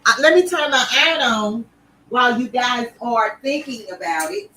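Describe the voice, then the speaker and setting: A woman hosting a sewing livestream in casual chat, loud, extra and playful as she talks to her viewers from an indoor sewing room. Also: on the high side, animated, moderate pace, slight background noise, rough recording.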